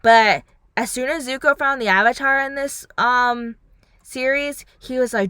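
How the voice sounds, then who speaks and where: A woman's voice: high voice, normal speed, no echo. A young woman vlogger reviewing a series in a rambling casual chat, full of "like" and "um", acting out lines as she goes. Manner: rambling, heavy on fillers like "like" and "um"; animated, acts out characters' lines.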